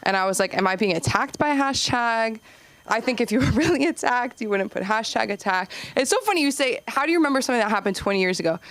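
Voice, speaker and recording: A woman doing an open-mic stand-up set on a club stage, chatty and self-deprecating, her pitch jumping up when she gets excited. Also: very fast, few pauses. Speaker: stand-up comedian.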